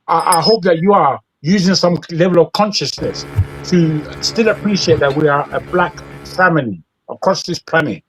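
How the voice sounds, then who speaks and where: A man's voice: fairly high pitch, fairly bright tone, a little hiss or hum, low-quality recording. Heated, rambling British-accented man. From Britain. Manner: rambling, heated, repeats words when emphatic. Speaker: news talk show host. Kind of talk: opinionated live commentary.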